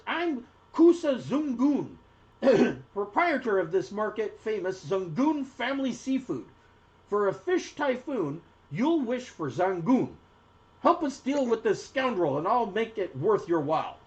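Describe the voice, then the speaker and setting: A man voicing a kobold woman who runs a seafood stall, with a brisk salesy pitch. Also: big pitch swings. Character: bargaining kobold fishmonger woman. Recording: dull lo-fi audio.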